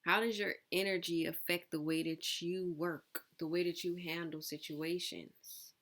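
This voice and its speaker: A woman's voice: lowish voice, fairly even intonation, a little slow, fairly bright tone. A woman giving a collective tarot reading, asking probing questions and breaking off for casual asides. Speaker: tarot reader.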